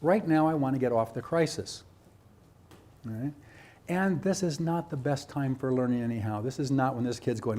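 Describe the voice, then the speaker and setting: A man's voice: mid-range voice, moderate pace, darkish tone. A man giving a lecture to educators, acting out teachers and students and asking rhetorical questions. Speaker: presenter at a teacher training workshop.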